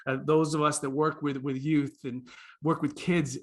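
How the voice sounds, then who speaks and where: A man with a Boston accent, a guest on a podcast interview, who tells stories in an animated way and acts out the characters. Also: fairly high pitch, normal speed. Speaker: guest speaker.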